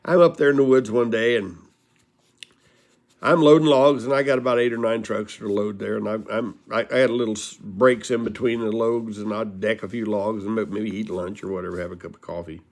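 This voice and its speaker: A man's voice: lowish voice, steady tone, a little fast. A man casually telling personal stories in a folksy, rambling way, often laughing at his own punchlines. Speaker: storyteller.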